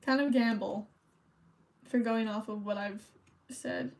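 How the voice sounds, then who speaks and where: Young woman on stream, slightly high voice, rambly casual chat while coloring cards at her desk. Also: steady tone, a little slow. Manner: rambling and chatty, thinking aloud while coloring.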